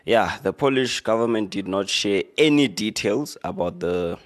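A man hosting a radio show, reading out a news article with relaxed, rambling commentary and joking asides. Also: on the low side, moderate pace. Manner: laid-back, rambling, joking asides with fillers.

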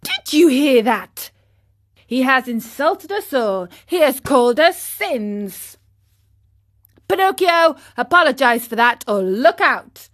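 A woman's voice: fairly high pitch, expressive, takes it slowly, fairly bright tone. A woman voicing a gang of rowdy, teasing schoolboys in a storybook reading, jeering and boastful.

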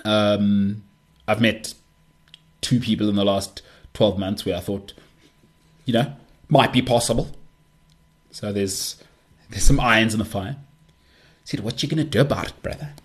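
A man talking in a relaxed solo podcast monologue, with a somewhat low voice. He rambles, restarts his sentences and pokes fun at himself as he muses. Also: measured pace, long pauses. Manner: rambling, self-deprecating, many restarts. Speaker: podcast host.

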